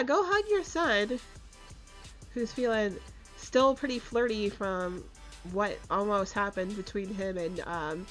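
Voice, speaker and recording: Chatty woman narrating her gameplay. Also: mid-range voice. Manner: chatty, giggly, voices sims' thoughts in quick asides. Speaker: streamer. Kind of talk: casual gameplay commentary.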